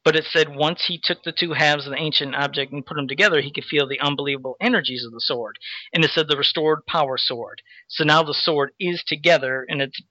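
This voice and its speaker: Podcast host, male, somewhat high and bright, loose rambling delivery full of fillers, dry dull lo-fi recording. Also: fairly quick, no room sound. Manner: rambling, many fillers, reads comic captions aloud. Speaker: podcast host recapping a comic. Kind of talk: casual chat. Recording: dull lo-fi sound.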